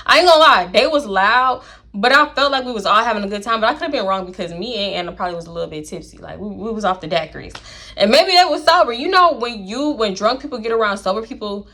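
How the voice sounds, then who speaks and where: A woman talks through a casual storytime, her tone bright and a little sharp. She is slangy and profane. Her voice sits at a middling pitch, and she slips into the voices of the people she quotes. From Houston, Texas. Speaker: storytime YouTuber.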